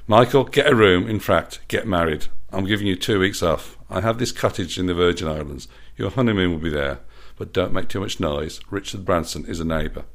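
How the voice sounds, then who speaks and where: A man voicing a brisk, commanding boss. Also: low-pitched.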